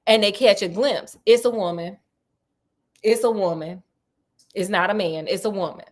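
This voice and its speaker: A woman's voice: medium pitch, normal speed. A woman storyteller casually retelling a detective story in chatty slang, acting out the characters' lines as she goes.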